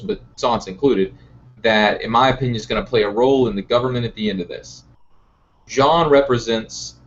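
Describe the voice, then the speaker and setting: A man's voice: on the low side, highs cut off. A man hosting a casual discussion, laying out his points earnestly, one by one. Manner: earnest, measured, explaining point by point. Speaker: show host.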